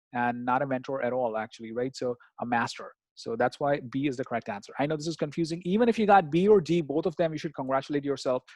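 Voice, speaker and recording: A man leads students through test questions in a relaxed, unscripted lesson. His voice sits a little high for a man and sounds dry and close, with no room around it. He keeps checking in with "right?" and "okay?" and drifts into fillers as he thinks aloud. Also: no echo. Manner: talks through answers with frequent "right?" and "okay?"; hesitant, many fillers and restarts. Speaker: test prep tutor. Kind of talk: casual teaching walkthrough.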